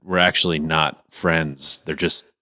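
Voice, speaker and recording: A man hosting a podcast interview in a relaxed, chatty manner. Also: very deep voice, unhurried. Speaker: podcast host. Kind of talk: casual interview.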